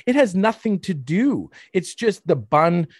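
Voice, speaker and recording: A man guesting on a talk show who riffs on silly tangents and tells jokey stories. His voice sits a bit high, and it is recorded dry and close with no room sound. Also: big pitch swings, unhurried, breathy edge, no room sound. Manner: rambling, jokey storyteller. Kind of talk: casual chat.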